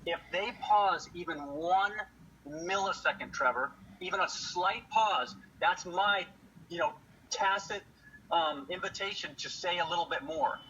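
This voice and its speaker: Male sales trainer, high bright voice, energetic, slightly muffled audio. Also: a little slow. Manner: energetic, acts out customer dialogue. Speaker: solar sales presenter. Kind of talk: training talk to sales team. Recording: slightly dull audio, faint noise.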